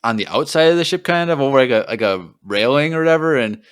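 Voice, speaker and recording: A young male podcast co-host chats casually and rambles, talking fast in a clear, resonant, animated voice. When he acts out film quotes, his pitch jumps.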